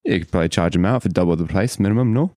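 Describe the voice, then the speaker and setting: A man's voice: low voice, very fast, warm tone. A man playing a tabletop game, joking and teasing in character. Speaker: player.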